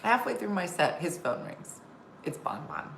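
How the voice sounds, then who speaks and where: A woman's voice: fairly low pitch, sing-song, normal speed, gravelly, a bit bright. A woman comedian hosting a casual live-stream chat, telling stories and reading viewer comments aloud. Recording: roomy sound with faint background noise.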